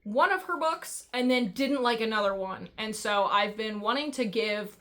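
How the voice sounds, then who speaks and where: A woman's voice: on the high side, moderate pace, bright, forceful tone. A woman vlogging in a casual rant, frustrated and blunt, swearing freely and often restarting her sentences. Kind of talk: casual ranting vlog.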